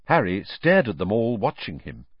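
Animated husky male storybook narrator. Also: on the low side, moderate pace, no echo, muffled recording. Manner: expressive, animated reading. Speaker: audiobook narrator.

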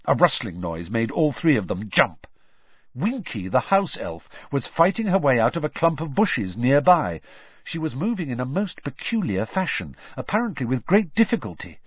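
Brief: male audiobook narrator, animated delivery, muffled lo-fi, no room echo. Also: medium pitch, husky. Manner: measured storytelling with lively swings. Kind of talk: scripted narration. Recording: dull dry lo-fi recording.

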